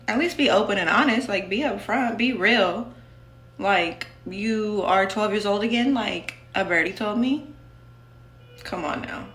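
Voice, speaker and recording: A woman's voice: lowish voice, a bit bright, reverberant. A woman telling her own story in a casual, candid, blunt way, full of "like". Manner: candid and blunt, with many fillers of "like".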